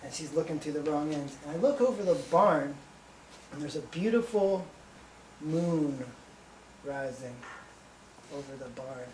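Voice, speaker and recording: A sleep-deprived man telling a rambling stand-up story in a deadpan way, recorded live in a small venue from a distance. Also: fairly high pitch, measured pace, long pauses, slight background noise. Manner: rambling, deadpan, breaks into laughter. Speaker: stand-up comedian. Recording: echoey room from far off.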